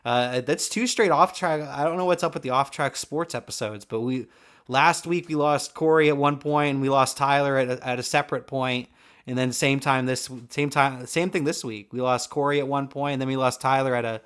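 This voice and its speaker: A man's voice: medium pitch, fairly even intonation, normal speed, fairly bright tone, clear, resonant tone. A man hosting a casual sports chat over a call, loose and joking, laughing often and swearing casually. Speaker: podcast host.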